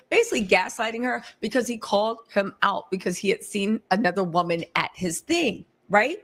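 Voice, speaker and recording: A woman giving casual commentary, animated and chatty, talking straight to her audience. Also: medium pitch. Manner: animated, talks in quick asides to the audience.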